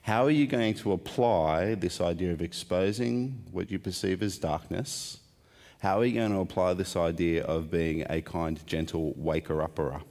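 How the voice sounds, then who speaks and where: A man's voice: low voice, normal speed, a little mellow. A man preaching a sermon in a conversational way, putting questions to the congregation and adding wry asides. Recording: long hall reverb.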